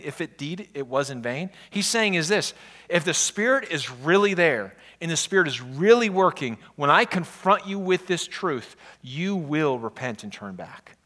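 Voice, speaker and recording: A man pastor preaching a sermon in a conversational, storytelling way. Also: fairly high pitch. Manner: conversational preaching with animated, exasperated retellings.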